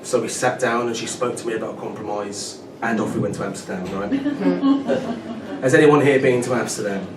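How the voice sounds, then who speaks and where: A man's voice: mid-range voice, big pitch swings, moderate pace. A man in his thirties doing a stand-up comedy set at a pub comedy night, chatty and always checking in with the crowd. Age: 30s. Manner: chatty, keeps checking in with "right?". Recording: echoey room from far off, loud noise.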